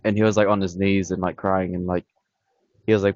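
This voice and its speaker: A man with a fairly low voice rambles bluntly to his camera, dismissive and repetitive. The sound is dry and close, with dull lo-fi camera audio. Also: little pitch movement, brisk, darkish tone, no room sound. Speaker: vlogger. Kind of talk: casual rambling monologue. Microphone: camera on tripod.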